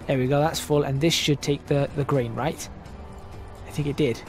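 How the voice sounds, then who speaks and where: A man's voice: fairly high pitch, fairly even intonation, normal speed, a little mellow, soft background music. A man casually commentating on a strategy game, thinking aloud and correcting himself as he goes, his voice drifting in and out from the microphone. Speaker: gaming channel host. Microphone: desk microphone, voice drifting in and out.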